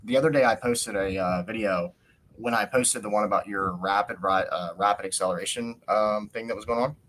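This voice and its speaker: A man with a fairly low voice tells a story on a podcast. His rant is animated and full of swearing, and he acts out the lines of the people in it. A faint hum sits under the recording. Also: fairly quick. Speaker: podcast host. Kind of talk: casual storytelling.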